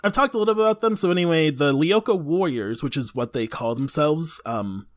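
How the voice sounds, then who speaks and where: A man's voice: a little high, expressive, fairly quick. A man chatting casually as a podcast guest, rambling through fillers and tangents. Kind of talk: casual chat.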